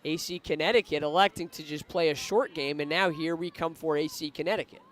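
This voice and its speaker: A man's voice: on the high side, a little fast. A man giving live play-by-play commentary on a women's soccer match, lifting his voice when attacks build. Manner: rising excitement on attacking plays.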